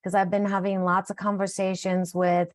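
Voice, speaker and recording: A woman's voice: medium pitch, little pitch movement, normal speed. A middle-aged woman, a wellness coach, telling a heartfelt, rambling story on a recorded live call, often restarting her sentences.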